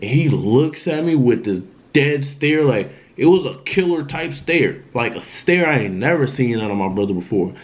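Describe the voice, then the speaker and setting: A young man vlogging, retelling a frightening personal story in an animated, emphatic way with lots of slang. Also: mid-range voice, normal speed, few pauses. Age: young adult. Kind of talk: storytime vlog.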